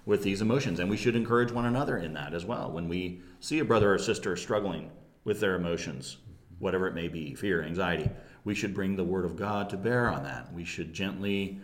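A man co-hosting a casual Christian discussion, speaking in a measured, gently instructive way. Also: low-pitched. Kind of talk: casual chat about scripture. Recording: roomy echo.

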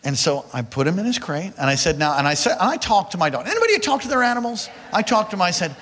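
A male pastor with a high, lively voice that leaps around in pitch. He tells his story to the congregation and calls on them directly. His sound is bright and forceful, carried in a big reverberant hall. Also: fast talker, hardly any pauses. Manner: animated, addresses congregation directly. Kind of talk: sermon with personal storytelling. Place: large hall or church.

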